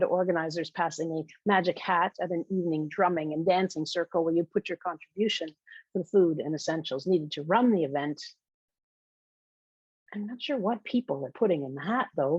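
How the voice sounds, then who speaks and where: A woman, the author, reading her own novel aloud in a measured, intimate storytelling manner. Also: lowish voice, a little mellow, husky, no room sound, highs cut off.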